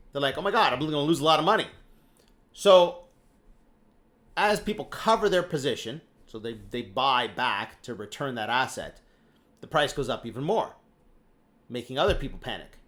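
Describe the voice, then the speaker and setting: A man talking through market news in a casual explainer monologue. His pitch swings up and down a lot as he explains things. He is blunt and animated, and he swears now and then. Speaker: finance commentator.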